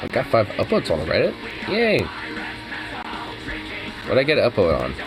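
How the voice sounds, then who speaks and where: A man's voice: mid-range voice, huge pitch swings, moderate pace, music in the background. A young man giving casual reaction commentary, ranting with heavy profanity and frequent laughter.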